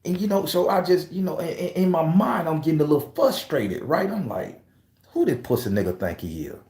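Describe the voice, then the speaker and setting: A man's voice: a little high, very animated, fairly quick, a little mellow, echoey room. A man casually telling a story to his viewers, profane and emphatic, speaking straight to his audience. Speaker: tarot reader and channel host.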